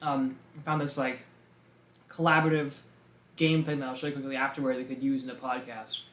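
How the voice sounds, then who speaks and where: A young man from Massachusetts with a light Boston accent, co-hosting a casual podcast and planning out loud with lots of fillers. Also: mid-range voice, little pitch movement. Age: young adult. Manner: quick, filler-heavy planning talk. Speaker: podcast co-host. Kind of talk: casual chat. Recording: echoey room.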